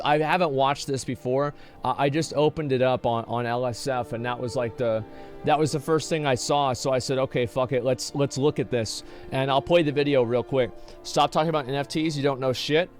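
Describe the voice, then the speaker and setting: A man's voice: mid-range voice, fairly quick, faint music behind. A man streaming casually, reacting to a video with exasperated rants and many restarts. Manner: exasperated, ranting, lots of restarts.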